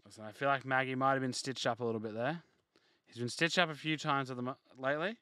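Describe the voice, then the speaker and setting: A man's voice: mid-range voice, fairly even intonation, fast, sharp tone, dry recording. A young man hosting a live card break, reading off player names and chatting casually with viewers.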